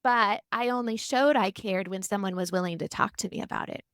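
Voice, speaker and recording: A middle-aged woman therapist, a guest on a podcast interview, telling stories and acting out the quotes with lively animation. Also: medium pitch, fairly quick, smooth, dry recording. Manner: animated storytelling, acts out quotes. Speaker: family and marriage therapist, guest.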